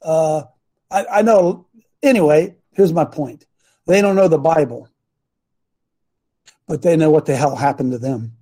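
A man's voice: a little high, a little slow, long pauses, dark tone. A man preaching informally to a congregation, blunt and combative, mocking his critics and throwing asides to the room.

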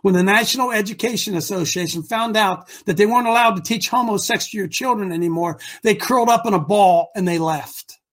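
A man preaching a sermon, retelling a story with animated shouts and slangy asides. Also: sits high, brisk, few pauses.

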